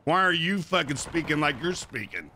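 A man streaming a game and chatting casually with viewers, crude and joking, sometimes breaking into loud high-pitched bits. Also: expressive, normal speed, slight background noise. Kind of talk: casual live-stream banter.

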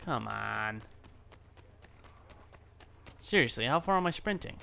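A man's voice: medium pitch, expressive, takes it slowly, creaky, bright, forceful tone. A man casually commenting on his own gameplay, rambling, self-mocking and swearing freely. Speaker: let's play host.

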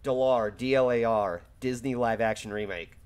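A man's voice: medium pitch, normal speed, darkish tone, clean tone. A man hosting a casual stream chat, rambling and hedging as he talks. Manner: rambling, hedging, laughs often. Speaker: streamer host.

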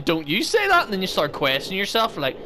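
A woman's voice: mid-range voice, huge pitch swings, a little fast, pushed and bright, a little hiss or hum. A young woman chatting and teasing friends while gaming, giggly and swearing a lot. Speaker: gamer. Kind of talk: casual chat while gaming.

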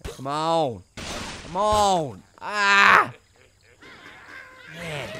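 A young man chatting his way through a game at home, his voice bouncing up and down as he rambles and suddenly yells. He sounds a bit high for a man, and a steady hiss of noise sits behind his home mic. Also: takes it slowly, long pauses. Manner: goofy, rambling, bursts into loud yells. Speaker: gaming channel host. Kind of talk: let's play commentary. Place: home room.

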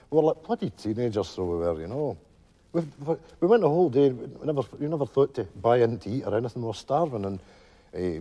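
An old Glasgow widower. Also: male voice, on the low side, warm tone. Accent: Glaswegian Scottish. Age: older. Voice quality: husky, rambling with many "you know" asides. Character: old widowed Glasgow pensioner, gentle and rambling. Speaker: stage character telling a story to friends. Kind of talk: stage comedy monologue.

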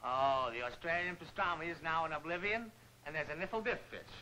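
An actor playing a wordy pal who humors a fool with florid, mock-formal phrasing, in 1940s film comedy acting. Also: male voice, a little high, fairly quick, bright, forceful tone, a little hiss or hum, poor audio. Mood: humoring.

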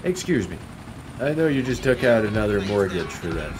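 A man's voice: fairly low pitch, very animated, moderate pace. A man giving casual gameplay commentary, sarcastic and mock-polite, swearing often as he plays. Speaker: gaming YouTuber.

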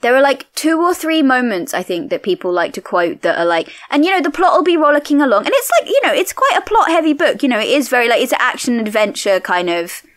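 Woman, podcast co-host, lively pitch, slightly high, playful chat. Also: fast talker, few pauses. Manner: animated, playful, acts out characters. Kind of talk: casual book discussion.

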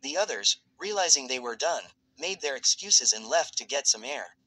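A man narrates a piece of fan fiction in a steady, even read. His voice sits in a middle pitch with a bright, forward edge. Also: moderate pace, no room sound, rough recording.

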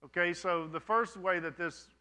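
Bright-voiced male pastor, conversational. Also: high voice, moderate pace, clean tone. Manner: conversational, often checking in with "you understand?". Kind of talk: sermon Q&A.

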